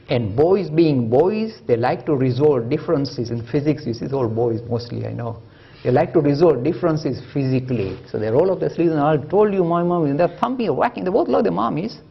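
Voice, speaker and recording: A man's voice: medium pitch, animated, normal speed, creaky, slightly rough, dull audio. A man giving a public lecture, storytelling with humor and emphatic delivery.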